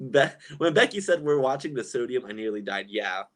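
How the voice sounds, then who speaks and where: A man's voice: mid-range voice, a bit bright. A man hosting a casual livestream, reading chat comments aloud and reacting with incredulous, exasperated laughter, rambling with lots of fillers and restarts.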